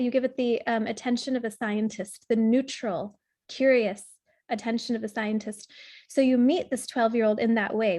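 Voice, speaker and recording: A woman trauma coach guiding a client in a coaching session, speaking gently and earnestly, as if over a video call. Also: high voice, no room sound, clean studio sound. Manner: gentle, tender, earnest explaining.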